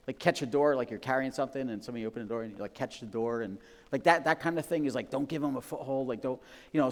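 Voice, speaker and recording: A man preaching a sermon as pastor, casual and storytelling, often laughing and acting out voices. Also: mid-range voice. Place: church sanctuary. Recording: long reverb of a church hall.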